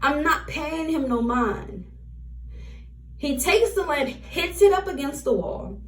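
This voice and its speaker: A woman's voice: sits high, expressive, takes it slowly, far from the mic, slight background noise. Woman recounting events, candid and repetitive. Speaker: vlogger. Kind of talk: personal storytelling to camera. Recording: roomy, from off the mic.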